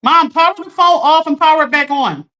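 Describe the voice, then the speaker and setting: A woman's voice: high voice, a little fast, sharp tone. A woman hosting a casual coaching livestream, talking straight to her viewers in a chatty, direct way.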